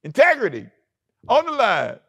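A man pastor preaching a sermon in an animated way, acting out quoted lines and chuckling often. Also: very high voice, moderate pace, gravelly, no echo.

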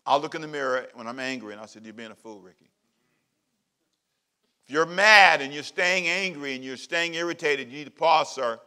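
A middle-aged man, a pastor, preaching a sermon with emphatic repeated phrases and big swings in loudness. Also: fairly high pitch, fairly quick, hardly any pauses, clean tone.

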